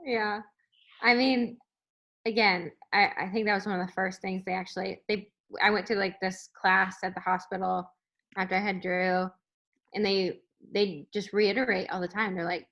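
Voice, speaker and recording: A woman speaks over a video call in loose, open conversation. Her voice has an average pitch. Her sentences ramble and are full of filler words. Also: fairly even intonation, moderate pace, gravelly, a bit bright, muffled recording. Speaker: guest at an online moms' meet-up. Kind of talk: casual chat.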